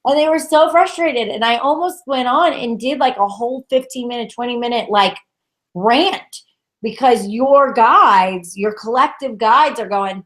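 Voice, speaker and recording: A woman's voice: on the high side, unhurried. Emphatic, chatty woman tarot reader. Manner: emphatic, exasperated, laughs often, says "like" a lot. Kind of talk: casual spiritual chat.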